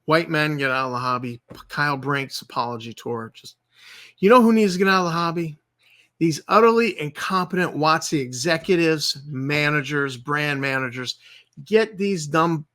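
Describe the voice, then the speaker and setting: A man's voice: fairly high pitch, animated, unhurried, bright, forceful tone. A man hosting his channel, ranting in sarcastic, exasperated commentary and hammering points home by repeating them. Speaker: channel host.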